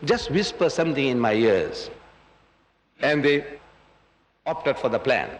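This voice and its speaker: A man's voice: medium pitch, very animated, measured pace, a little hiss or hum. A man giving a public lecture, telling a story and acting out its voices. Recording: echoey hall.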